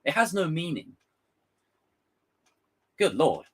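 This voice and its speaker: A man chatting on a live stream, lively and loose. His pitch swings widely as he rants, and he drops into mocking put-on voices to mimic others. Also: slow pace, slightly rough. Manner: animated, ranting, swears freely, mocks with exaggerated voices. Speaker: YouTube host reacting to a trailer. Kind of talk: casual livestream chat.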